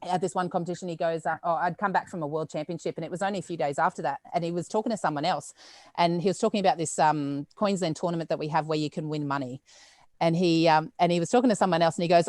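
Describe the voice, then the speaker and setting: A woman's voice: low-pitched, no room sound. An Australian woman, a weightlifter, telling stories in a casual podcast chat, acting out quotes as she goes. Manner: rapid, animated storytelling with acted quotes.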